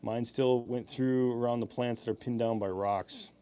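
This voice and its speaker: A young man hosts a live-stream sale in a relaxed, chatty way. His voice sits at a middle pitch. He laughs easily and wanders into casual asides. A faint noise sits behind him. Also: moderate pace.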